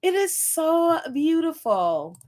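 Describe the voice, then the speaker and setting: A woman's voice: very high voice, sing-song, slow, darkish tone. A woman hosting a live stream, gushing and laughing as she nearly cries, reading viewer comments aloud. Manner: gushing, laughing and near tears, reads chat aloud. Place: New York.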